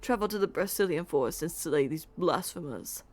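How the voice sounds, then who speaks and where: A self-important mage declaiming in lofty, stilted formality, as a woman reads him out. The voice stays fairly quiet and low, a game quest notice given a grand air. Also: animated, normal speed, slight background noise, close to an everyday voice. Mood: pompous.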